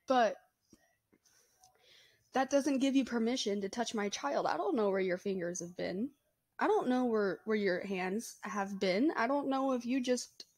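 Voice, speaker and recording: Blunt, chatty young mom vlogger. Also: female voice, on the high side. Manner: blunt, chatty, laughs often. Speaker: vlogger, mother. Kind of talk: casual to-camera chat.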